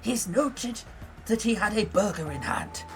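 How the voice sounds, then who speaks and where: Man doing a slow, high old magician narrator. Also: lively intonation, faint music behind. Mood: grand narrating. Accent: English. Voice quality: drawn-out, over-accentuated old man's voice. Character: old male magician storyteller, grand and slow.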